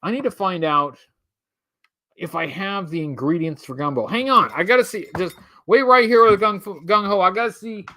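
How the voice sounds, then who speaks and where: A man's voice: high-pitched, lively intonation, moderate pace, bright, forceful tone, slight background noise. A man hosting a live stream, chatting casually in a rambling, wry way and drifting off topic while he talks to viewers.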